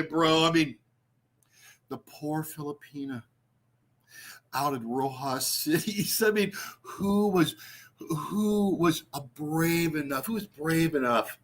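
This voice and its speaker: A man hosting a show in a profane comedic rant, swinging into shouted bursts and drawn-out emphasis. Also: a little high. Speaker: show host. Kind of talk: ranting comedic monologue.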